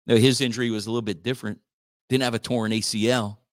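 A man's voice: mid-range voice, flat delivery, fast. A male radio host rambling through sports news in a slangy, casual chat. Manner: rambling, slangy, says dude a lot.

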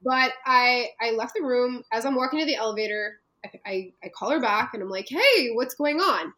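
A woman from Canada telling a personal story as an interview guest, earnest and halting, with many fillers and restarts. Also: on the high side, pushed and bright, poor audio.

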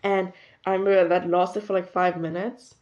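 A woman's voice: on the low side, moderate pace. Chatty young woman telling a story. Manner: chatty, animated, full of "like" and restarts. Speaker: vlogger. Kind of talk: casual storytelling to camera. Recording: dull lo-fi recording.

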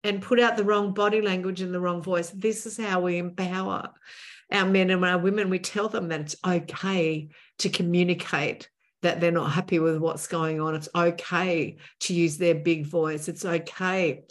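A woman in her sixties, a podcast guest, talking in an assertive, animated way and acting out what people would say. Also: on the low side, normal speed. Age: 60s. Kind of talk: animated interview talk.

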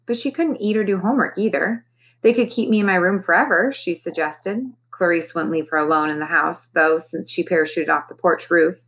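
A woman's voice: fairly low pitch, a bit bright, breathy edge. A woman, a teacher, reading a children's novel aloud expressively and raising her voice for the characters' lines.

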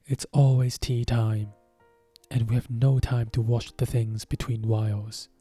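A man voicing the Hatter, an eccentric and argumentative tea-party host, in a storybook reading with a slow, husky, dark voice. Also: mid-range voice, little pitch movement, no room sound, soft background music. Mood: quibbling. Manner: quibbling, mournful at times.

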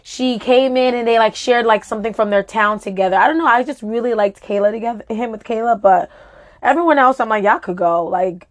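A woman co-hosting a casual chat, opinionated and quick to laugh. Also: fairly high pitch. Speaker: podcast co-host. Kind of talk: casual chat about reality TV.

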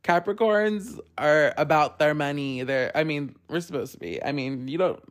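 A podcast host telling a story in a casual solo chat, animated, laughing often and swearing freely. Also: medium pitch, measured pace.

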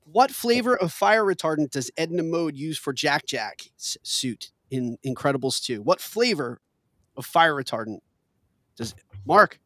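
A man's voice: on the high side, expressive, a little slow, a bit bright, no echo, studio quality. A man hosting a casual trivia game with friends, reading questions aloud and laughing often. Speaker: quiz game host.

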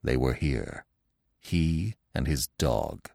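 A man's voice: rumbling low, big pitch swings, measured pace, vocal fry, no echo, studio quality, voice pushed down, exaggerated voice. A man voicing a wise old male stag in a storybook reading, speaking with urgent, emphatic commands. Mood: hushed. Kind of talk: audiobook reading.

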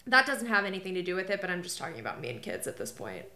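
A woman's voice: lowish voice, big pitch swings, fast talker, pushed and bright, echoey room, slight background noise. A young woman co-hosting a podcast, telling stories in casual chat with lots of "like" fillers. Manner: rambling storytelling, heavy filler "like". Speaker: podcast co-host.

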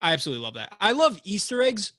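Man, bright forceful voice, rambling jokey podcast host, dry sound. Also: high voice, sing-song, rapid-fire, dry recording. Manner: joking, rambling, swears freely. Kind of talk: casual chat.

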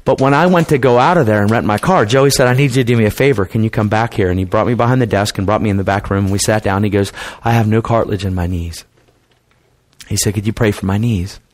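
A man's voice: on the low side, fast. A man preaching a testimony sermon in a casual, conversational way, acting out the people in his stories in dialogue. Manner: acts out quoted people in dialogue.

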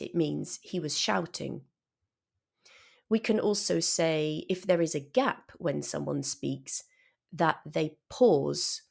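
A woman's voice: deep voice, vocal fry, darkish tone. A woman giving a patient English vocabulary lesson, explaining words and acting out short examples. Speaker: English teacher.

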